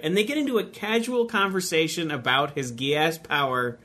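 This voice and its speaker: A man retelling an anime plot in a casual chat, animated and laughing. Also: high voice, moderate pace, hardly any pauses.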